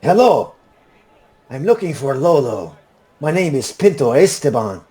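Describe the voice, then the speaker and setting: A man's voice: mid-range voice, very animated, a little slow, mellow, pitched above the performer's own voice. A man voicing a polite male East Coast businessman with a put-on Spanish-style accent. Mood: courteous. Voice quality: smooth, formal phrasing.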